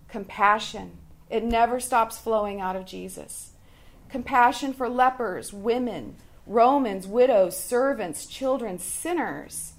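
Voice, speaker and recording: A woman shares a devotional reflection with her Bible study group. Her voice sits a little high, and she talks very slowly, leaving pauses between short phrases. She keeps an earnest, measured tone throughout.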